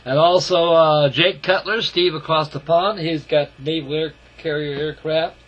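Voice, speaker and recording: A man's voice: fairly high pitch, steady tone, unhurried. A man casually narrating a walk-around of his scale model, folksy and rambling, calling his viewers folks. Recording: lo-fi camera audio.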